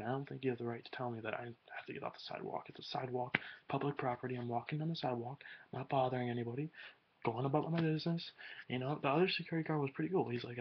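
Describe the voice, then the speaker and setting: A man's voice: medium pitch, fast talker, dull audio, a little hiss or hum. A teenage boy rambling in a casual webcam vlog, slangy and swearing a lot. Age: teens. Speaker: vlogger.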